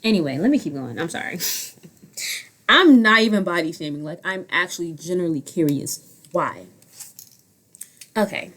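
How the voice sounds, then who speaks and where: A woman in her twenties giving blunt, profane commentary on a reality dating show, jumping between loud outbursts and quiet asides. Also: on the low side, normal speed, long pauses. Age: 20s. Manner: blunt, profane and animated, swinging loud and soft. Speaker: vlogger. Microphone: own handheld mic.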